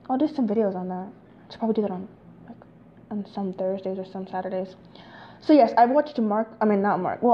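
A woman's voice: mid-range voice, a little hiss or hum. Young woman host, chatty and self-mocking, reads a game aloud; dull lo-fi mic. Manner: chatty, giggly, self-deprecating. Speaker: gaming video host. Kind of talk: casual game playthrough commentary.

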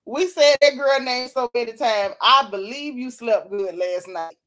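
Animated woman chatting with fans. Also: on the high side, unhurried. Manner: animated, laughing, Southern-style slang. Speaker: host. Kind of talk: casual chat reading a live chat.

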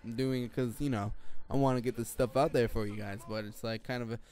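A man's voice: medium pitch, steady tone, fast talker, darkish tone. A teenage boy giving rambling, jokey gameplay commentary late at night, swearing and jumping between topics. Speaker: gaming commentator.

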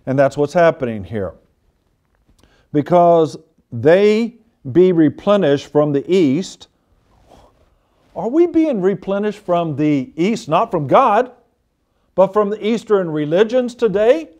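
High-voiced man preaching a fervent sermon. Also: very animated, slow pace, pauses often, darkish tone. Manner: fervent preaching, rising to indignant emphasis. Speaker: pastor.

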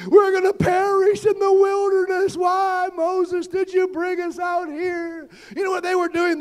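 A man preaching a fervent sermon as pastor, shouting and calling out to the congregation. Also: extremely high pitch.

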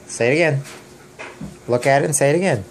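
A man's voice: medium pitch, quick pace, a little hiss or hum. A man, the father, patiently coaching his young daughter through reading words at home, sounding out letters and encouraging her again and again. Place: family home.

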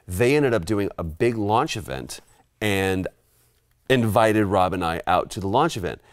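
A man telling a rambling, animated story in casual chat while playing a retro game in a studio. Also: lowish voice, measured pace, no echo. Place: studio, sitting at a game console.

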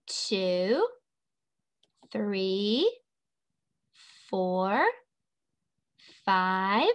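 Slow sing-song preschool teacher woman. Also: on the high side. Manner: slow, sing-song, stretching words for children. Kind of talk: online preschool lesson.

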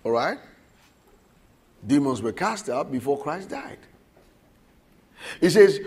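A man preaching a sermon, animated and often putting questions to the congregation. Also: high-pitched, slow pace, pauses often, husky.

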